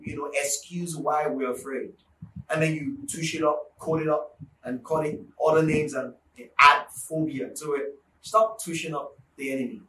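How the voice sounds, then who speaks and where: High-pitched preacher, booming in an echoey room. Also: male voice. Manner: emphatic, repeats lines for force, swells to shouts. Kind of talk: sermon. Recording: echoey room, mic at a distance, faint background noise.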